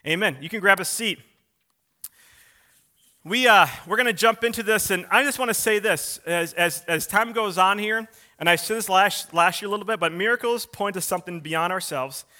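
A man's voice: high voice, normal speed. A man preaching a sermon, telling a story in a loose, conversational way and acting out quotes in a raised voice. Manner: animated, acts out quotes in a raised voice. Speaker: pastor.

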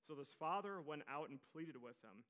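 A man with a bright, slightly high voice delivers a sermon in a church. He moves from quiet scripture reading to lively, emphatic preaching, tossing questions out to the congregation. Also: moderate pace. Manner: reads scripture quietly then preaches loudly, animated, addresses congregation. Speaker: pastor.

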